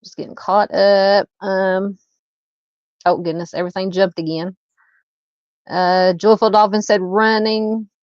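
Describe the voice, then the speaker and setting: A woman's voice: mid-range voice, level tone, unhurried, long pauses, no room sound. A woman with a Southern US accent hosting a true crime livestream, chatting casually with many ums and uhs while reading viewer comments. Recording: dull lo-fi dry home mic.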